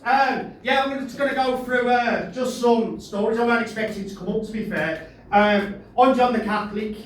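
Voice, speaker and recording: A loud, rowdy man with a Birmingham accent, doing a guest stand-up set. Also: extremely high pitch, a little fast. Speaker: guest comedian. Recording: echoey room from far off.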